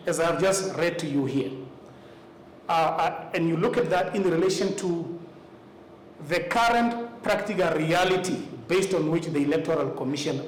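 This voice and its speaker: Namibian man giving a formal briefing. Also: fairly high pitch. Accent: Namibian English. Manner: measured, deliberate delivery with frequent "uh" pauses. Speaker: electoral commission official presenting to party representatives. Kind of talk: formal meeting presentation. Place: meeting room. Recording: echoey room, faint ambient noise.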